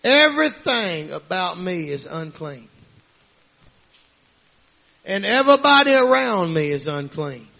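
High, bright-voiced shouting preacher man. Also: very animated, a little slow, creaky, pauses often. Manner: fervent, shouted preaching punctuated with amens and hallelujahs. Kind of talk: sermon.

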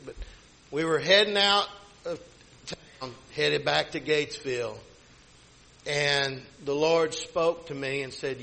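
A man's voice: medium pitch, creaky, pushed and bright, rough recording. A middle-aged man, a pastor telling a personal story in a rambling, folksy sermon style. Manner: folksy, rambling with many restarts.

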